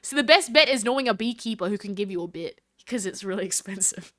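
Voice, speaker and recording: A woman's voice: mid-range voice, expressive, quick pace, fairly bright tone. A woman chatting casually on a live stream, reading chat aloud and thanking viewers in a bubbly, scattered way.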